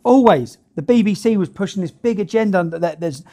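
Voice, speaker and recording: A man with a fairly high voice reads out news stories and rails against them. His delivery is blunt and indignant, and he is full of slang and swear words. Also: lively intonation, fairly quick, dark tone. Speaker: vlogger reading out news stories. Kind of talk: ranting commentary on news.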